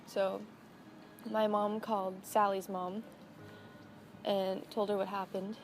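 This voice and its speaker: A woman's voice: medium pitch, level tone, slow, faint music behind. A woman in a documentary interview, emotionally retelling the day she learned her friend had died. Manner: emotional, breathless storytelling. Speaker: friend of the deceased. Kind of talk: documentary interview, recounting a loss. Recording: noisy interview recording.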